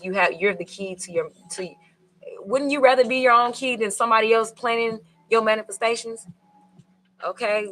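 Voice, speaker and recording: A woman's voice: mid-range voice, a bit bright, poor audio. A woman with giving a casual, rambling tarot reading, full of fillers and asides to her viewers. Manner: rambling, conversational, with many fillers. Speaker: tarot reader.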